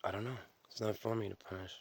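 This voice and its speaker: A man's voice: lowish voice, steady tone, fast talker, creaky, darkish tone, a little hiss or hum. A man telling stories in a rambling, profane, stream-of-consciousness solo monologue, often restarting his sentences.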